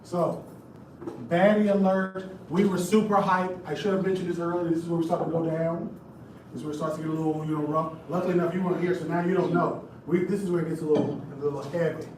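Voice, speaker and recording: A man's voice: on the high side, fairly even intonation, fast, darkish tone. Chatty man presenting in an echoey room. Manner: chatty, jokey, talks straight to the audience. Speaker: presenter giving a live history talk. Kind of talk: casual live lecture. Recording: echoey room, distant mic, background noise.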